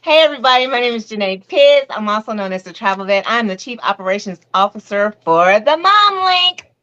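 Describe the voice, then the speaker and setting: A woman panelist in a casual talk, playful and excitable, calling in over a phone. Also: on the high side, fairly quick. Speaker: chief operations officer and panelist. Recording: dull lo-fi phone audio with faint noise.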